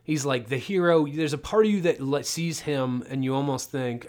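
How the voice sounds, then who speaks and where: A man co-hosting a casual movie discussion, excited and swearing freely as he recaps the plot. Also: a little high, normal speed. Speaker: podcast co-host.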